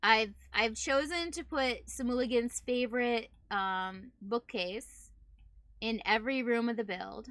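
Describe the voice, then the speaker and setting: Chatty woman streamer, bright voice. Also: fairly high pitch, a little slow, no room sound. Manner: chatty, talks to her viewers as "guys". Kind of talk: casual live-stream chat.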